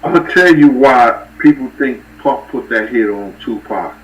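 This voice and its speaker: A man telling rambling street stories and giving shout-outs to viewers on a casual livestream. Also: mid-range voice, lively intonation, a little slow, distant mic, slight background noise, poor audio. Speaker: livestream host.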